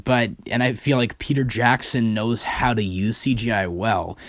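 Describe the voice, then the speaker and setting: Young male film reviewer, mid pitch, dry close sound, chatty and rambling. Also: dry recording. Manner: rambling, enthusiastic, many fillers and restarts. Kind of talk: casual video review.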